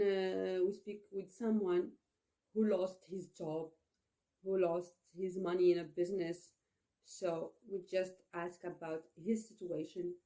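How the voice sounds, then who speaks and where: A young woman with Arabic as her first language, teaching an English lesson slowly and deliberately, often checking in with "okay?". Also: on the low side, dark tone. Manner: slow, deliberate delivery with frequent "okay?" checks.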